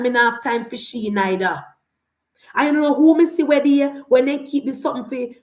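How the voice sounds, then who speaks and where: A Jamaican woman in her forties delivers a heated political rant in a high, insistent voice. She hammers her points home with repetition and pointed rhetorical questions. The sound is roomy and echoey. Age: 40s. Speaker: political commentator. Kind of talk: opinionated political monologue.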